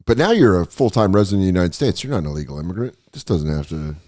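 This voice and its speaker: A man's voice: low voice, very animated, very fast, mellow, no echo, clean studio sound. A man hosting a podcast in casual, profane comedic chat, riffing and slipping into mock voices. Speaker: podcast host.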